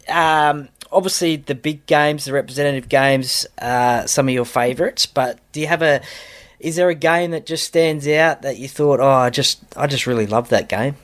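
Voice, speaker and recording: An Australian man hosting a podcast interview, asking questions in a relaxed, casual way and laughing along. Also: mid-range voice. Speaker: podcast host.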